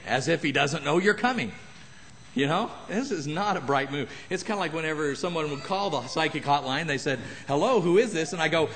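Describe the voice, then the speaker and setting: A man preaching a sermon in a church, acting out the people in the passage and adding humorous asides. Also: normal speed. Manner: animated, acts out Bible characters with jumps in pitch. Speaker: pastor. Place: church sanctuary.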